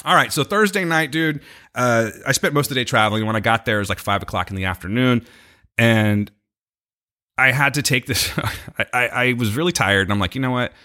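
A man's voice: medium pitch, brisk, bright, forceful tone. A young man co-hosting a casual podcast, telling a rambling story with laughs and profanity. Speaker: podcast co-host. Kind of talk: casual chat.

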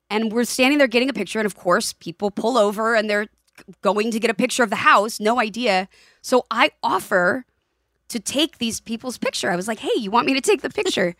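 Podcast co-host, woman, 40s, lively storyteller, dry studio sound. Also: a little high, dry recording. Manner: animated storytelling with laughs and quoted voices. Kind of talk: casual chat.

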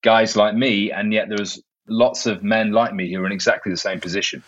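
A man's voice: fairly low pitch, fairly even intonation, brisk, fairly bright tone, lo-fi sound. A man in his thirties with an English accent, a guest author explaining his ideas in a casual interview. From England. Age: 30s. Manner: articulate and explanatory, with small restarts.

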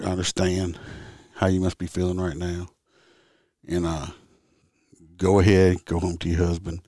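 Here the podcast host who is also a traffic officer tells stories casually, bluntly and in a wandering way, with the odd swear word. His low-pitched voice has a darkish tone, recorded as clean studio sound without room echo.

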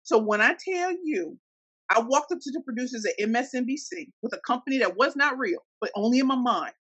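A woman from St. Louis, Missouri, tells her story as an interview guest, bright and forceful in tone, her pitch set a little high. She brings the people in her story to life by acting out their voices. The sound is dry and close. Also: brisk, slightly rough, no echo, poor audio. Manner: animated, acts out quoted voices. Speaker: guest entrepreneur.

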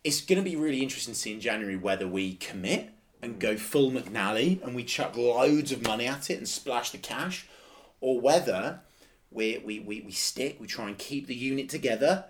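A man co-hosting a football podcast in casual chat. His pitch rises and falls a lot, and he gets emphatic, repeating phrases to drive his point home. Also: expressive, moderate pace.

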